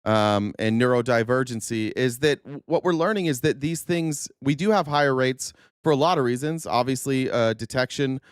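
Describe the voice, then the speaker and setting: A man's voice: medium pitch, moderate pace, few pauses, clean tone, no echo, clean studio sound. A man hosting a political commentary livestream, earnest and indignant, stumbling over restarts and losing his voice. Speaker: host.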